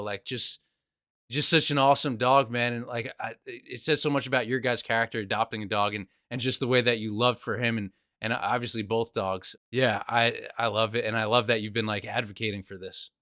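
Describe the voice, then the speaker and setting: A man's voice: mid-range voice, fairly even intonation, a little fast, sharp tone, dry recording, studio quality. A man hosting a podcast, chatting casually with his guest, calling him "dude" and often restarting his sentences. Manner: friendly, calls guest "dude", many restarts. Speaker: podcast host. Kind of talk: casual chat.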